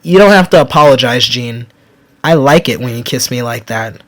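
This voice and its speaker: A man reading an audiobook voices a confident young woman officer who speaks gently and reassuringly to her lover. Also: mid-range voice, expressive, normal speed, natural voice.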